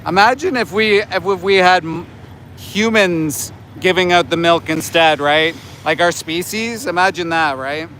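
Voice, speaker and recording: Streaming live outdoors near a slaughterhouse by homes, a sarcastic activist in his forties talks back to his chat, scolding viewers. His voice sits high, pushed and bright, a little slow, with some hiss or hum in the audio.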